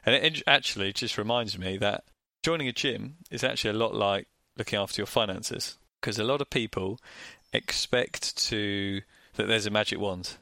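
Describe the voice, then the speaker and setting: Easygoing podcast co-host. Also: male voice, on the low side, moderate pace, vocal fry, hardly any pauses, sharp tone, no room sound. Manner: easygoing, earnest explaining. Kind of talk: casual podcast chat.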